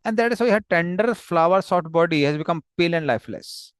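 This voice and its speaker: A man's voice: fairly high pitch, expressive, fast talker, smooth, no room sound, clean studio sound. A man teaching a scripture class, explaining the text with many fillers and restarts. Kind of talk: explaining a text, paraphrasing dialogue.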